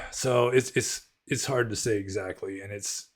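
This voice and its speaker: A man's voice: lowish voice, steady tone, unhurried. A middle-aged man answering viewer questions in a loose, rambling way, full of restarts and fillers. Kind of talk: casual Q&A talk.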